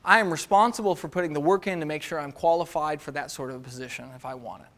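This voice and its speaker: A man's voice: fairly high pitch, fast, fairly bright tone. A man preaching a sermon as pastor, asking the congregation rhetorical questions and acting out the voices of the people he quotes.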